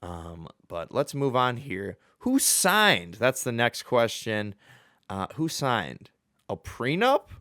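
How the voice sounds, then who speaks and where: A man's voice: medium pitch, sing-song, takes it slowly, a bit bright, no room sound, clean studio sound. A young man hosting a casual solo sports show, chatty and jokey, with fillers and self-corrections. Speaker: sports podcast host.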